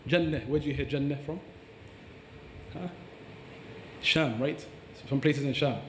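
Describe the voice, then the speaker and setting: A man's voice: a little high, unhurried, a little hiss or hum. Man teaching in an echoey hall. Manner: explanatory, recites Arabic phrases. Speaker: Quran teacher. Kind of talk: podcast explanation. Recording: echoey hall with long reverb.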